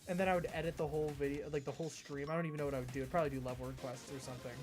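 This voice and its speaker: A man's voice: on the high side, steady tone, very fast. An American man streaming live, chatting with his viewers in a rambling, chatty way. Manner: rambling and chatty, often reading chat aloud. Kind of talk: casual live-stream chat. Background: background music.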